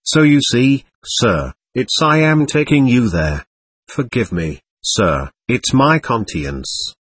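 A man voicing a simple, pious peasant coachman who speaks slowly and deferentially. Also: mid-range voice, big pitch swings, slightly rough, dry recording, heavily acted. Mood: hesitant. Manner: slow, deferential, gentle. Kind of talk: audiobook character voice.

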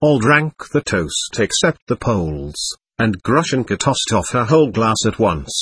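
Expressive male audiobook narrator. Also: lowish voice, measured pace, slightly rough, dry recording. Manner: expressive storytelling. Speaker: audiobook reader.

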